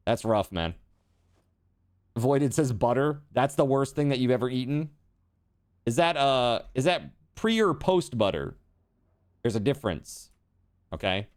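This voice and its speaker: A man streaming a video game, chatting casually and teasingly with his viewers as he plays. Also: on the high side. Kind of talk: casual chat while gaming on stream.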